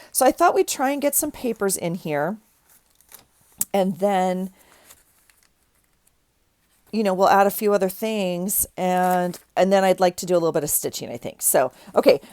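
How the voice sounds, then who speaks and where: A woman's voice: mid-range voice, darkish tone, no room sound. A middle-aged woman with a stuffy nose from crying, chatting casually through a craft tutorial, rambling with frequent restarts. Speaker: crafting vlogger.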